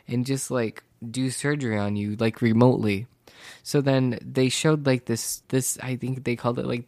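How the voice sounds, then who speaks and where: A man's voice: mid-range voice, no echo. Rambling teenage guy, dry close sound. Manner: rambling, fillers of "like" and "literally", animated when aggrieved. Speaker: student. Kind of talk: casual storytelling monologue.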